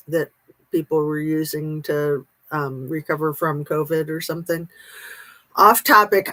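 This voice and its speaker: A woman's voice: deep voice, fairly bright tone, dry recording, poor audio. A woman host reading a memoir aloud, then chatting casually with viewers' comments, with fillers and self-corrections.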